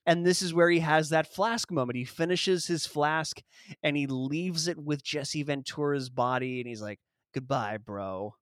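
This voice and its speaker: A man's voice: on the high side, moderate pace, fairly bright tone, no echo, clean studio sound. A man hosting a casual movie review podcast, joking and rambling and laughing often. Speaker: podcast host.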